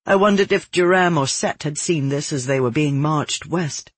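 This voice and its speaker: A man reading a first-person novel aloud in a measured, descriptive manner. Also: fairly high pitch, husky, dry recording. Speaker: audiobook narrator. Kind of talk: scripted narration.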